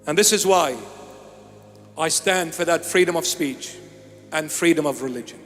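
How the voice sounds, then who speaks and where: A bishop from Iraq preaching a sermon, solemn and emphatic, delivering short measured lines and repeating key phrases. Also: male voice, fairly high pitch, fairly bright tone. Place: large church. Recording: long church reverb with faint music.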